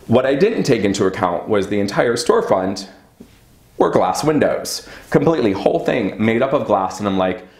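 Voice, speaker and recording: A man with a lowish voice spins a profane, animated personal story, jumping into the voices of the people in it. He speaks casually, as if chatting straight to a viewer, and his voice rings in a noticeably echoey room. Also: normal speed. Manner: profane, animated and dramatic, acting out quotes. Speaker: vlogger telling a personal story. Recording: roomy echo.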